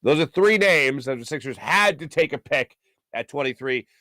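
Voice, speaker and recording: A man hosting a sports talk show, delivering an opinionated solo monologue with emphatic swings in pitch. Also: expressive, moderate pace, bright, forceful tone, no echo.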